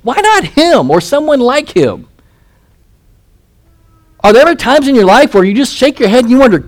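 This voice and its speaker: A man's voice: very high voice, big pitch swings, moderate pace, long pauses. A male pastor giving an expository sermon, reading scripture aloud and putting rhetorical questions to his listeners.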